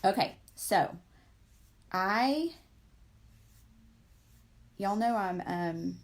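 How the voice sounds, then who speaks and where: A woman's voice: on the low side, creaky. A woman, in her forties, hosting a casual live stream while she paints, rambling with many fillers and asides to her viewers.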